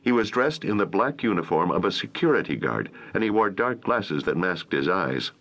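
Low-voiced man narrating a children's story. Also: normal speed, muffled recording. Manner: expressive storytelling. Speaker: audiobook narrator.

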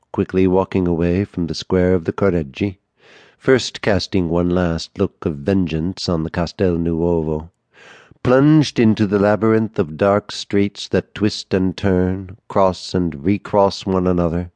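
A man narrates an audiobook in a steady, measured way. His voice is very low and deep. It is recorded close on a studio mic, with a dry sound and no room echo. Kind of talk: scripted narration.

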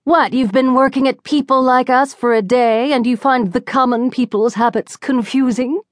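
A woman's voice: sits high, fairly even intonation, moderate pace, no echo, clean studio sound, pitched above the performer's own voice, close to an everyday voice. A woman voicing Charlotte, a plucky tiny young woman who teases her friend. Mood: teasing.

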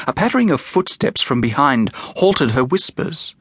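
Male narrator for a kids' novel; animated, storytelling delivery, dry booth sound. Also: mid-range voice, normal speed, husky, no room sound. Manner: expressive, storytelling. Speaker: audiobook narrator and author. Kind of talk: scripted narration of a children's novel.

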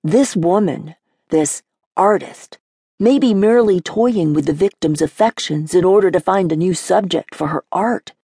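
A woman's voice: on the low side, measured pace, creaky, warm tone, slightly rough, no echo, clean studio sound, exaggerated voice. A woman reading an audiobook, voicing a cocky, sardonic twelve-year-old boy with a theatrical, sneering manner.

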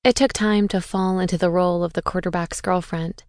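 Intense low-voiced woman narrating. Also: steady tone, a little fast, no room sound, studio quality. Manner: intense, bitter, dramatic. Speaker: audiobook narrator. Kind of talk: first-person audiobook narration.

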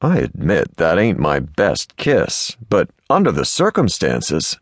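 A man voicing a rough outlaw cowboy with a slow drawl in a Western audiobook. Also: low voice, wildly swooping pitch, no echo, studio quality, pitched below the performer's own voice, heavily acted. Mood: teasing.

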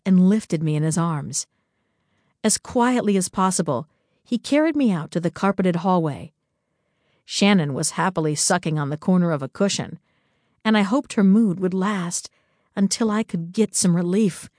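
A woman narrator reading a first-person story in a slightly low voice. Her pace is very slow and intimate, and the studio sound is close and dry with no room at all. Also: animated, darkish tone, no room sound. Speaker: audiobook narrator.

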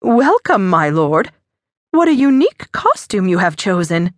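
A woman's voice: mid-range voice, sing-song, measured pace, no room sound, studio quality. A woman voicing a stern, proper wealthy society mother who disapproves easily, in an audiobook. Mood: gushing.

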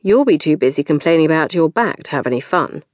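A tired, practical young florist , read by a woman narrator, with a low, dry and curt way of speaking. She answers her sister wryly, without fuss. The sound is close and dead. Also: expressive, fast, a little mellow, dry recording. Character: hard-working, wry, brusque young florist.

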